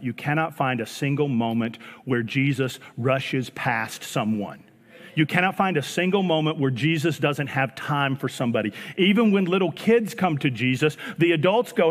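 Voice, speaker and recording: A man, preaching an animated sermon and acting out little dialogues with repeated phrases. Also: medium pitch, normal speed. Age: 40s. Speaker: pastor. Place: church sanctuary. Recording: church hall with long reverb.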